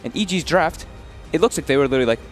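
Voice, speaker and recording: A man analyzing a match on a panel, talking fast with many fillers. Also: fairly high pitch, expressive, soft background music. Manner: rapid, filler-heavy. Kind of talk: casual game analysis.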